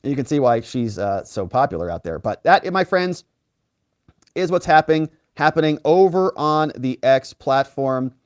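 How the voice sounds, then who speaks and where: A man hosting a live legal commentary stream, reading out viewer comments and giving sarcastic, animated asides. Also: medium pitch, normal speed, no echo, studio quality. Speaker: lawyer and livestream host.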